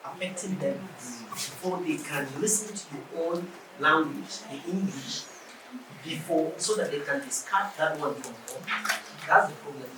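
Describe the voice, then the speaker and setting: A woman with a low voice asks a halting question from the audience. She sounds far from the microphone in an echoey, noisy room. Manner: halting, searching for words. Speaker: workshop attendee.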